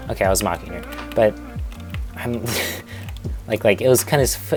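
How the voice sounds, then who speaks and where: A man's voice: on the low side, fairly quick, faint music behind. A young man casually telling a rambling school story in a storytime vlog, digressing and restarting often. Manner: rambling, digressive, self-interrupting.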